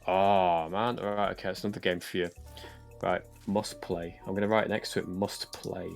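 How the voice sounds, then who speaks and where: A low-pitched English man rambles through a casual livestream chat, stopping to correct himself and joke. Soft music plays underneath his voice. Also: fairly even intonation, normal speed, vocal fry. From England. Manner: rambling, self-correcting, jokey. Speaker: Minecraft map maker and voice actor.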